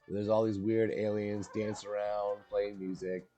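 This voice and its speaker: Laid-back slangy man, low mellow voice. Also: level tone, measured pace, faint music behind. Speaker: movie recap host. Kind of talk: casual movie recap.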